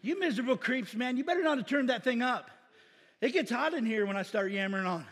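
A man pastor preaching a casual, animated sermon in a church, with shouted bursts. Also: extremely high pitch, quick pace, slightly rough, in a large hall. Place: church sanctuary.

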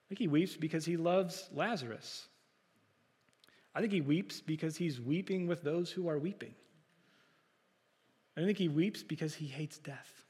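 A man's voice: fairly high pitch, unhurried, pauses often, a little mellow, big-room sound. A man preaching a sermon, talking to the congregation in a conversational way with rhetorical questions. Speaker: pastor.

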